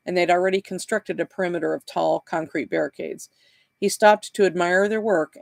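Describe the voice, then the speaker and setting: A man, the author, reading his novel aloud in a live session with steady, plain narration. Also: fairly high pitch, vocal fry, dry recording.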